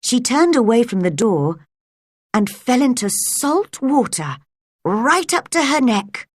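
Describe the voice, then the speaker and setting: A woman reads a graded storybook aloud at an unhurried pace, her voice rising and falling expressively. A faint huskiness colours her tone. The recording is dry and close. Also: on the high side, no room sound. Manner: slow, clear, expressive reading. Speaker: reader. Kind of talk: slow storybook narration for learners.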